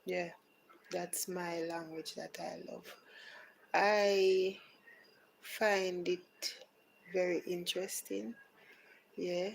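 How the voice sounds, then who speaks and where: A Jamaican woman hosting a live podcast, chatting casually and slipping into soft, near-whispered phrases. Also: on the low side, flat delivery, very slow, vocal fry, pauses often, low-quality recording. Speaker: podcast host.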